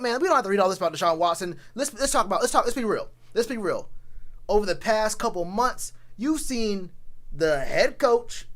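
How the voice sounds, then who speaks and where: A man's voice: high voice, a bit bright. A man streaming a casual, slangy sports rant, blunt and repeating phrases for emphasis. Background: talks to a live chat.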